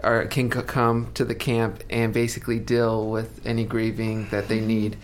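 Male guest, halting delivery full of ums, faint rumble behind him. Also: monotone. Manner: halting, hesitant, filler-heavy. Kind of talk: radio interview.

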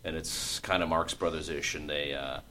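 A man with a deep, low voice talks casually as a podcast guest. He rambles and pauses a lot with uhs while describing his work. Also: steady tone, pushed and bright, slight background noise. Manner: rambling, hesitant, with many uhs. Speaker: guest, comedian and voice actor.

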